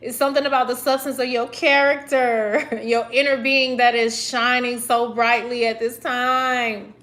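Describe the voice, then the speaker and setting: A woman's voice: a little high, flat delivery, a little slow, fairly bright tone. A woman reading tarot cards on a livestream, talking effusively and getting emotional. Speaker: tarot reader.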